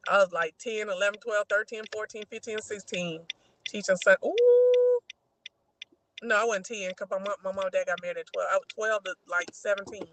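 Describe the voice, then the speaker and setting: A woman's voice: mid-range voice, steady tone, quick pace, a bit bright, a little hiss or hum, rough recording. A middle-aged woman hosting a livestream, chatting casually and telling a story to her viewers, whom she keeps calling "girl". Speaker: livestream host. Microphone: streaming mic.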